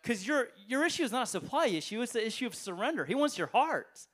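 A man pastor preaching a sermon to a church congregation, conversational, asking rhetorical questions, swinging between loud emphatic lines and quiet ones. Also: extremely high pitch, very animated, fast. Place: church service, streamed online.

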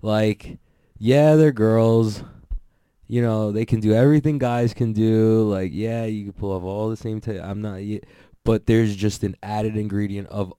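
A young man casually recapping events in a rambling, excitable way, swearing and laughing often. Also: on the low side, a little slow, clean tone, no room sound, clean studio sound. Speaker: podcast host recapping jiu-jitsu events.

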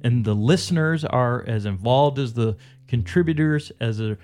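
Relaxed male podcast host outdoors. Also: medium pitch, moderate pace, faint music behind. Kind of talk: casual outdoor interview. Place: outdoors at a lake in the wilderness.

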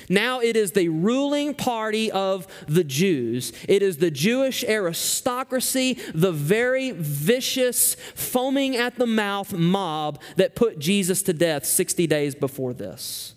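High-voiced man preaching in a big hall. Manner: emphatic preaching, rises high when reading scripture. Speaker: pastor. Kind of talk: sermon.

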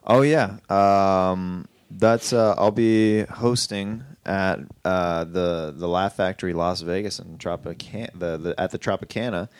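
A man's voice: sits low, darkish tone, no room sound. A young man, a comedian guest, chatting casually in an easygoing, slangy way. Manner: easygoing, laid-back, uses slang. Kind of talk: casual chat.

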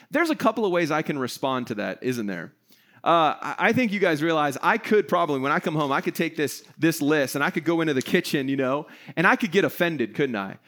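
A middle-aged pastor preaches a casual sermon to an online audience, chatty and self-deprecating, acting out little scenes as he goes. His voice is a little high and a bit bright.

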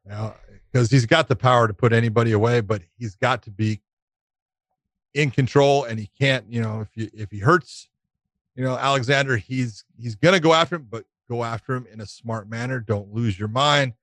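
A man who used to referee fights, telling relaxed anecdotes with quoted dialogue. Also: medium pitch, moderate pace, dry recording. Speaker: former referee, podcast co-host. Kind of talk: casual chat.

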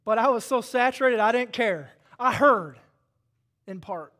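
High-voiced fervent man preaching a sermon. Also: lively intonation, unhurried. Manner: dynamic preaching, swinging from hushed to loud and fervent. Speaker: pastor.

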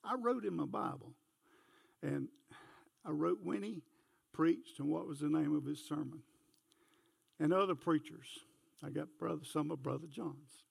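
Gravelly older preacher. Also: male voice, a little high, a little slow, pauses often, no room sound, clean studio sound. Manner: folksy storytelling, barks like a dog. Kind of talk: folksy sermon.

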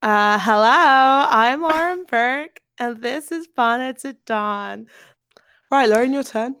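A woman's voice: high-pitched, steady tone, fast, no room sound, clean studio sound, lightly acted. A woman playfully mimicking her co-host's accent and intro in a giggly, exaggerated way. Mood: teasing.

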